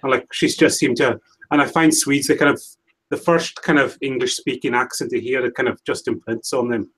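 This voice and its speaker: A man's voice: medium pitch, steady tone, a little fast, fairly bright tone, breathy edge, poor audio. A man in casual podcast chat, rambling and hesitant with frequent restarts. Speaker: podcast co-host.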